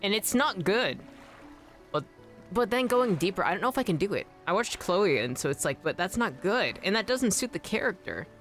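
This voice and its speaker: A man's voice: high-pitched, sing-song, normal speed, a bit bright, faint music behind. A man streaming a game, chatting casually in a rambling, self-deprecating way. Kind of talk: casual gameplay chat.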